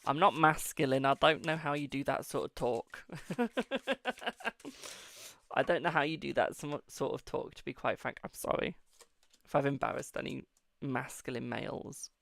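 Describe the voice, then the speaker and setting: A man's voice: mid-range voice, fairly even intonation, moderate pace, gravelly, a bit bright, no echo. A British man hosting a live-stream tarot reading, chatty and affectionate, calling viewers darling and boo.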